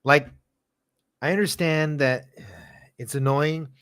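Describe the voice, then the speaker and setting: A man who is a comedian guest on a casual podcast, animated and slangy, mocking what he dislikes. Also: a little high, takes it slowly, clean tone.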